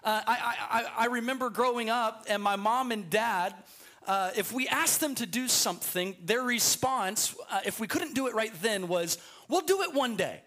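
A man's voice: high voice, normal speed, bright, forceful tone. A man preaching a sermon as pastor in a church sanctuary, telling stories with stammering restarts.

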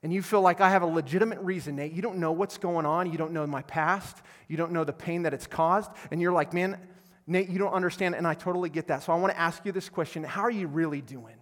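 A fairly high-pitched man preaching to a congregation, urging them to answer back before easing into gentle, earnest passages. His voice rings with the long reverb of a big church hall. He sounds middle-aged, a seasoned pastor. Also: fast, few pauses. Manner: energetic, calls for audience response, drops to soft earnest tone. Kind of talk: sermon.

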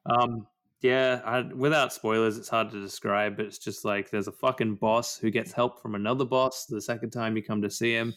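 A man's voice: fairly low pitch, fairly even intonation, moderate pace, fairly bright tone. A man ranting about a video game in casual chat, swearing often. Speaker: podcast co-host.

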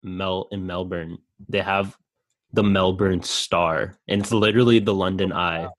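A young man with a lowish voice hosts a casual comedy chat. He jokes around loosely and laughs often. The sound is close and dry. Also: steady tone, a little slow, no echo. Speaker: podcast host.

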